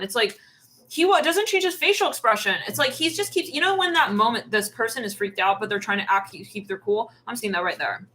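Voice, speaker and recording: A woman giving a channeled tarot reading, animated and acting out quoted voices as she goes. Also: on the high side, a little fast, slight background noise, low-quality recording. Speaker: tarot reader.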